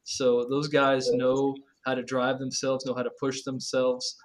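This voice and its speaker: A man's voice: medium pitch, completely flat delivery, measured pace, low-quality recording. A man with a Kentucky accent, a car dealership manager talking casually as an interview guest.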